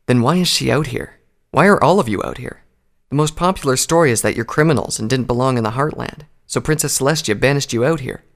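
A man voicing a level-headed male pony soldier who speaks firmly and in a measured way, in an audiobook reading. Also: medium pitch, fairly bright tone, voice pushed up, close to an everyday voice. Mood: probing. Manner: firm and measured. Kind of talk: audiobook character voice.

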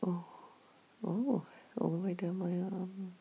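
A person doing a whispered role-play, murmuring softly and sleepily as an unwell partner being cared for. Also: medium pitch, level tone, slow pace, a little hiss or hum. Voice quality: gravelly creak. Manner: soft, sleepy, affectionate murmuring.

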